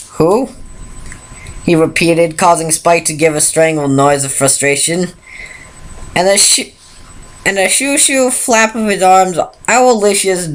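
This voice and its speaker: A woman with a fairly low voice reads a pony fan story aloud. Her reading is unpolished and full of stumbles and restarts, and she pushes on through each slip. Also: rough recording. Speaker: fan fiction reader.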